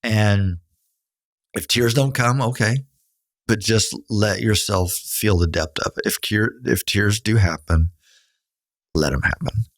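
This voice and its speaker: A man's voice: slow, pauses often, no room sound, clean studio sound. A middle-aged man co-hosting a podcast, giving earnest, coaching advice on grief in a conversational way. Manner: earnest, coaching, quotes people in a higher voice. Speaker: podcast co-host, counselor.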